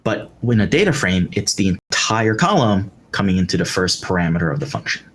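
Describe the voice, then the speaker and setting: A man's voice: deep voice, big pitch swings, a little fast, breathy edge. A man teaching a live coding tutorial, explaining step by step with fillers like "um" and "right" as he works. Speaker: instructor. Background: keyboard typing.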